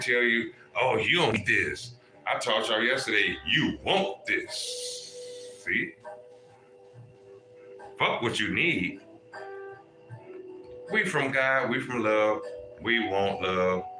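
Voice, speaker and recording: Guy ranting live to his chat, cussing and preaching, echoey room, music going behind. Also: medium pitch. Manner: profane, preachy, calls out to chat viewers. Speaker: livestream host. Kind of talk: preachy livestream rant.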